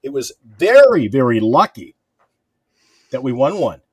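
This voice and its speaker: Husky, lively-voiced sports fan ranting. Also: male voice, medium pitch, measured pace, no room sound. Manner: exasperated, rambling, with restarts. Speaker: regular panelist on a sports talk show. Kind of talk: animated sports fan rant. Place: hot room up north.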